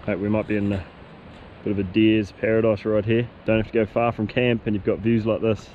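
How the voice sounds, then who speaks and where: A man's voice: lowish voice, level tone, fairly quick. Kiwi bloke filming his hunt in the hills, chatty and easygoing, talks to his dog, bit dull sounding camera audio, faint noise. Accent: New Zealand. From New Zealand. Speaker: hunting vlogger. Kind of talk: outdoor vlog narration. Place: outdoors in mountain wilderness.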